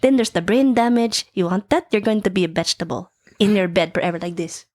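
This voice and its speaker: A woman's voice: medium pitch, quick pace, darkish tone, pitched below the performer's own voice, close to an everyday voice. A woman voicing a nagging, overprotective mother who scolds and piles on dire warnings. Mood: scolding.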